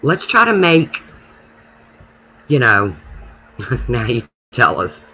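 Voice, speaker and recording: This is a man hosting a casual live stream, chatting with his audience and answering comments by name. His voice sits at an ordinary pitch with a bright, forward edge. He talks emphatically, with a preachy streak, as he makes his points. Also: wildly swooping pitch, very slow, breathy edge, low-quality recording.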